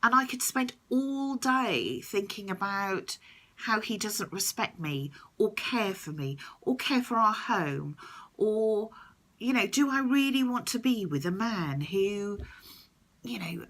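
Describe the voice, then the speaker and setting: Slow, lively-voiced woman vlogger. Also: medium pitch. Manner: thoughtful, explanatory. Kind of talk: reflective talk to camera.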